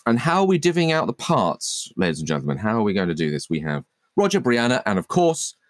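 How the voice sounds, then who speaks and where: A man's voice: mid-range voice, huge pitch swings, fast, dry recording, studio quality. A man co-hosting a comic podcast, making playful, mock-grand introductions. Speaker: podcast co-host.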